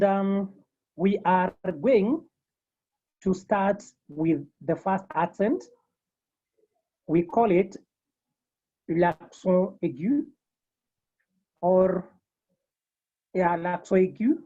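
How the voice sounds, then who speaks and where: A woman teaching a beginners' French class over a video call, slowly repeating each term several times. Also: lowish voice, dark tone, breathy edge, muffled recording. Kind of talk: online language lesson.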